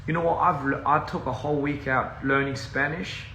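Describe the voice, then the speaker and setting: A man's voice: fairly high pitch, steady tone, moderate pace, pushed and bright. A young man chatting casually on a livestream from his house, rambling, easily sidetracked and laughing often. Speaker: musician streaming live to fans. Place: house, indoors. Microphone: phone. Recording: echoey room, faint ambient noise.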